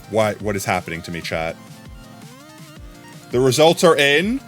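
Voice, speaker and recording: A man chats to his live-stream audience while wrestling with his setup. His delivery swings lively up and down, half muttered to himself. Faint music plays underneath. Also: on the low side, moderate pace, long pauses. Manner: fidgety, talks to himself while fixing setup. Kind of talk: casual live-stream chat while gaming.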